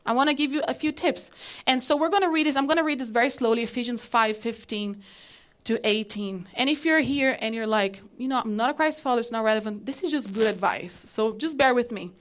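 In a church, a woman pastor delivers a conversational, animated sermon to a live congregation, asking them questions as she goes. Her voice is a little high and fairly quick.

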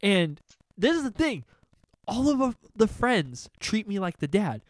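A man's voice: high voice, big pitch swings, measured pace, no echo. A young man telling a funny story in casual chat, acting out his friends' voices and laughing often.

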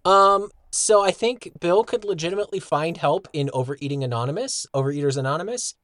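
A man co-hosting a podcast in casual chat, relaxed and earnest, swearing casually. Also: on the high side, fairly quick, dry recording. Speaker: podcast co-host.

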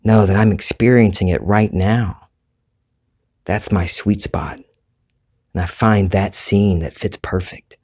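A man from the Deep South with a Southern US accent, hosting a reflective monologue in a thoughtful, storytelling way. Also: steady tone, slow pace, long pauses, a little mellow. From Deep South, USA.

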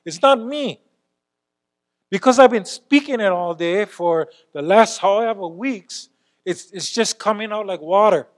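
A church elder preaches a sermon with emphasis, swinging from loud exclamations to quiet asides. His voice sits high and his pace is a little slow.

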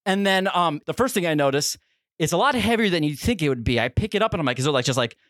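A young man, a podcast co-host, telling a story in an animated, profane way and acting out voices. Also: high voice, fast talker, no room sound, clean studio sound. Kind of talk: casual storytelling.

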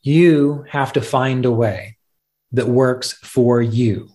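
A man's voice: mid-range voice, fairly even intonation, slow pace, dark tone. A man hosting a podcast, teaching meditation in a reflective, conversational way and telling stories with plain fillers. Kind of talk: spoken teaching talk.

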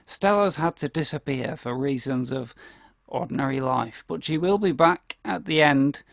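A man co-hosting a chatty podcast tells his story with lively energy, breaking into laughter as he goes. His voice sits a bit high for a man and has a gravelly, creaky edge. The sound is close and dry, with no room echo. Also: moderate pace. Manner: animated anecdote-telling, laughs often. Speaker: podcast co-host. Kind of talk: casual chat, storytelling.

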